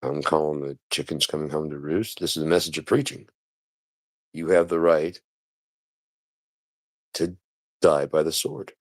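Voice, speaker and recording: A deep-voiced man rants sarcastically on a livestream, his low voice rough with a gravelly fry. He mimics the people he mocks and now and then bursts into a shout. The sound is close and dry, with no room around it. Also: measured pace, long pauses, no echo. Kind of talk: live-stream commentary rant.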